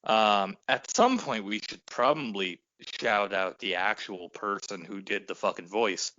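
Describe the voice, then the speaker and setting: A man co-hosting a podcast in casual chat, excitable and swearing, laughing often and acting out quotes. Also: on the low side, a little slow. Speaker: podcast co-host. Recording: dull lo-fi sound.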